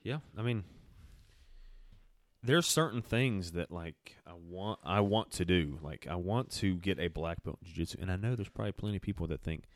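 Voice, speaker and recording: A man's voice: sits low, moderate pace, no echo, studio quality. A young man talking bluntly and emphatically in a casual chat, swearing freely.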